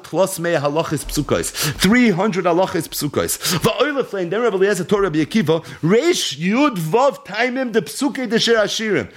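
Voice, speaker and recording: A man giving a Torah lesson, reading Aramaic source lines and retelling them as a story, half-chanting the text. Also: high voice. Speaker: Torah teacher. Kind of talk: Talmud and Zohar lecture, reading Aramaic and translating.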